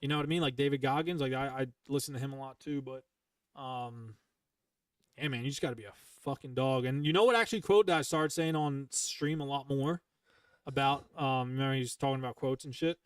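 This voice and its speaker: A man's voice: mid-range voice, a little fast, no room sound. A young man, a former Marine sergeant hosting a podcast, telling stories casually with lots of swearing and emphasis. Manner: profane, emphatic, full of fillers. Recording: dry, from some distance to the mic.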